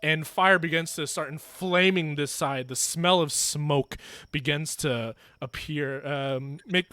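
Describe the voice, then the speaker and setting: Bright-voiced young man running a tabletop game. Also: on the high side, no room sound. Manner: rambling, self-correcting narration. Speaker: game master. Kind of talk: narrating a tabletop game online.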